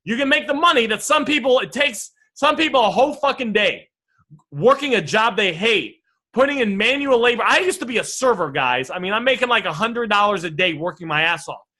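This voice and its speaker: A man's voice: high-pitched, lively intonation, a little fast, pushed and bright. A man teaching a casual online negotiation lesson, brash and swearing freely as he keeps talking to his audience as guys. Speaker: sales and negotiation coach.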